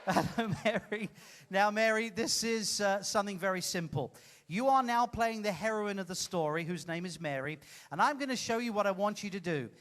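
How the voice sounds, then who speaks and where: A man hosting a live comedy show, teasing an audience member in a playful, loud way. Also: sits high, lively intonation, a little fast, few pauses. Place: cruise ship theater stage.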